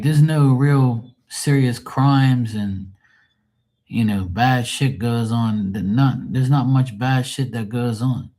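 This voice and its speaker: Husky-voiced Bermudian man chatting casually. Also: lowish voice, a little mellow. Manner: loose, joking, swears freely. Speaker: livestream host and tarot reader. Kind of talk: casual live-stream chat. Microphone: phone.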